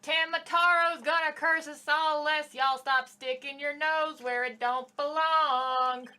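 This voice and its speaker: A woman's voice: sits high, fairly even intonation, measured pace, pushed and bright, voice pushed up. A woman voicing a superstitious rural local who warns off outsiders in a folksy drawl. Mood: threatening. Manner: folksy drawl, dropped grammar.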